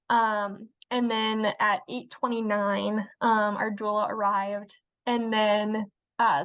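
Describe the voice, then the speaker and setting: A young woman telling a personal story as a guest in casual conversation, with many fillers. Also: medium pitch. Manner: chatty, many fillers, laughs while telling. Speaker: interview guest.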